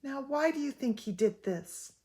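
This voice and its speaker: A woman's voice: sits high, expressive, moderate pace, warm tone, pitched above the performer's own voice. An older woman voicing an anxious, fussy mother who tells gossip with emphatic exclaims, in a storybook reading. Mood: scolding.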